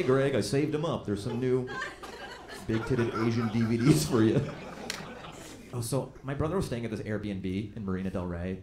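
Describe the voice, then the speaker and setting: A male stand-up comic working a club stage, his voice swinging widely up and down as he drives toward punchlines. The room rings back around him, and a steady noise from the audience sits under every line. He slips into quick acted-out voices between plain conversational stretches. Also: fairly low pitch, reverberant. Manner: conversational, rising into loud punchlines and acted-out quotes. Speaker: stand-up comedian. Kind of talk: stand-up comedy set. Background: audience laughter.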